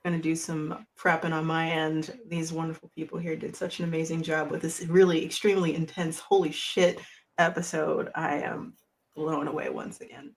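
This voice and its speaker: A woman's voice: sits low, little pitch movement, normal speed. A woman hosting an actual-play show, giving a rambling, emotional, casual sign-off and swearing freely. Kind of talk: casual end-of-stream sign-off.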